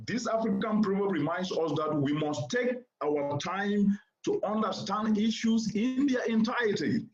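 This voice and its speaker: High-voiced man giving an oratorical keynote. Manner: oratorical, emphatic, repeats points for stress. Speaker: keynote speaker. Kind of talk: formal keynote address. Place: conference venue before a seated audience. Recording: roomy, slightly dull sound.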